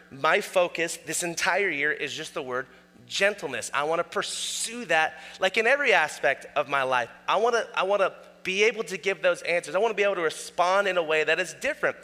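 A middle-aged man preaching a sermon as a pastor, telling self-mocking stories and acting out quotes with animated delivery. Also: high voice, brisk. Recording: long hall reverb.

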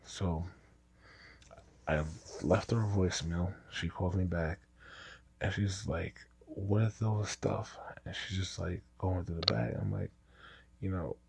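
A man's voice: low voice, unhurried, creaky, long pauses, slightly rough, no echo. A man casually telling a personal story, rambling and restarting his sentences. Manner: rambling, repeats himself with false starts.

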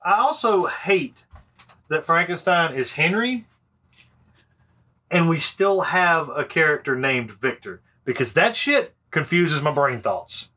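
A man's voice: on the high side, animated, takes it slowly, sharp tone. A man co-hosting a podcast, recapping an old movie in casual, profane, joking chat. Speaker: podcast co-host.

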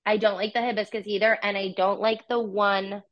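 A woman co-hosts a casual podcast, chatting playfully and filling her talk with likes and ums. Her voice sits at an ordinary pitch. The recording is a bit dull and lo-fi. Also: flat delivery, a little fast. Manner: chatty, playful, lots of fillers. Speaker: podcast co-host. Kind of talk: casual chat.

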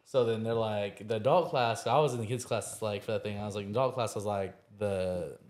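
A man's voice: on the low side, brisk, a little mellow. A man co-hosting a podcast, talking in a laid-back, slangy way in casual chat. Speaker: podcast co-host.

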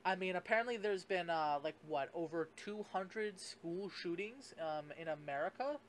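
In this casual solo podcast rant, a young man from Canada talks at a moderate pace in a high, expressive voice over slight background noise. He swears a lot, restarts his sentences, and fills gaps with filler words while rambling through his thoughts.

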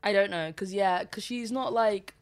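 A woman co-hosting a podcast, chatting casually and telling stories with quick asides. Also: mid-range voice, smooth. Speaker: podcast co-host. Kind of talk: casual chat.

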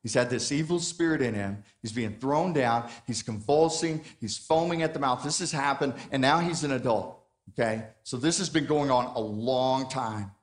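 A man's voice: medium pitch, normal speed. A man preaching a sermon in a conversational way. He puts questions to the congregation and often restarts or repeats words. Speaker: pastor.

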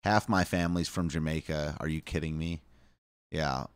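A man's voice: a bass voice, steady tone, moderate pace, clean tone, no room sound, clean studio sound. A man hosting a casual live stream, reading headlines aloud with wry asides and chuckles. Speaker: live show host.

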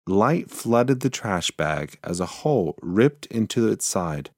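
Low-voiced guy reading a kids story, slow and measured, dry close sound. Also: very animated, a little mellow, no echo. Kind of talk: storybook narration.

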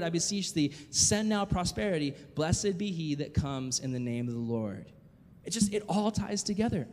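A man's voice: a little high, darkish tone. A man preaching a sermon, reading scripture aloud and asking the listeners rhetorical questions. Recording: long hall reverb.

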